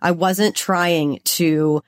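A woman's voice: lowish voice, steady tone, extremely slow. A young woman from Los Angeles co-hosting a podcast, talking in a bubbly, chatty way and saying "like" a lot. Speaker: podcast co-host. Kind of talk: casual chat.

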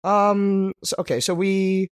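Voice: medium pitch, level tone, slow pace, clean tone, dry recording, clean studio sound. A player in a tabletop game, chatting casually and adding playful story bits. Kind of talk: casual actual-play chat.

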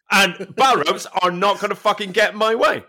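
This podcast co-host speaks in a voice that sits high, at a moderate pace. Chatting casually, he tells a story animatedly, swearing plenty and laughing often.

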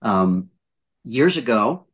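A man's voice: lowish voice, very animated, slow pace. An older man giving voice-over advice in a podcast conversation, emphatic, repeating his points and asking rhetorical questions. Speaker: guest voice-over coach.

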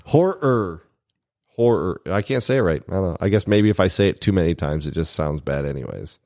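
A man's voice: low-pitched, fast talker, a little mellow, no echo, clean studio sound. A married man in casual banter with friends, joking and laughing often and poking fun at himself. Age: adult, married. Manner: jokey, laughs often, self-mocking. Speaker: podcast co-host.

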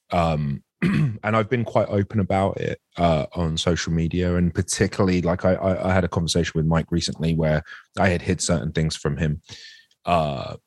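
A man's voice: sits low, no room sound, studio quality. A man in his forties, an actor guest speaking candidly in an interview, often restarting his sentences. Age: 40s. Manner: candid, halting, with many restarts.

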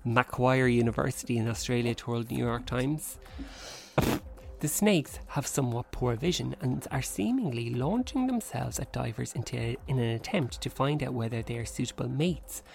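A man with a gravelly, creaky voice at a middle pitch, co-hosting a casual chat show. He reads news items aloud and then wanders off into cheeky asides and laughter, with faint music underneath. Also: normal speed, a little mellow. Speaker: podcast co-host.

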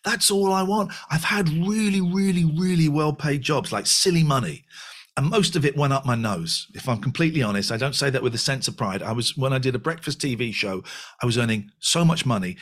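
Guy about fifty, podcast guest, chatty and animated, lots of restarts and repeats, normal middle pitch. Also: brisk. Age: 50s. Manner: animated, frequent restarts and repetition. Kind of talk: candid conversational reflection.

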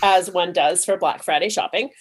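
A woman co-hosting a comedy podcast, telling a story in an animated way and swearing freely. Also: on the low side, moderate pace, breathy edge. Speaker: podcast co-host. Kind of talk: casual storytelling chat.

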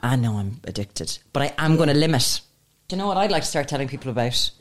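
A woman's voice: rumbling low, big pitch swings, fast talker. A woman co-hosting a podcast in casual chat, ranting with swearing and self-mockery. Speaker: podcast co-host.

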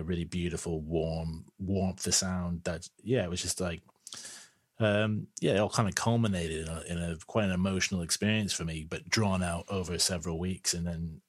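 Low husky man rambling happily. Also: no echo. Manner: hesitant, full of restarts and fillers, enthusiastic. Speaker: band member who recorded and mixed the EP. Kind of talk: rambling podcast chat.

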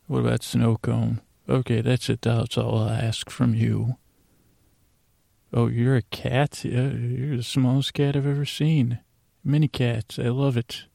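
A man hosts a bedtime podcast in a monotone, meandering voice. His tone is dark and gravelly, with a dry, close sound, and he mumbles through playful asides. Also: mid-range voice, no room sound. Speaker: podcast host. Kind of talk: rambling bedtime podcast talk.

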